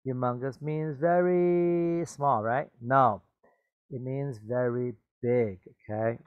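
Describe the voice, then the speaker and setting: A man reads a children's story aloud and stops to explain its words. He talks very slowly and patiently, checking in with his listeners. The recording is close and dry. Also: mid-range voice, fairly even intonation, smooth, no room sound, narrow, tinny audio. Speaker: teacher.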